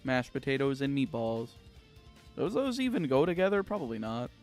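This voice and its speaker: American guy, young, livestream chatter, sarcastic, stop-start rambling, soft guitar music underneath. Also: mid-range voice, big pitch swings, moderate pace. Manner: rambling, sarcastic, many restarts and filler words. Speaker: streamer. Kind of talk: casual livestream chat reading viewer comments.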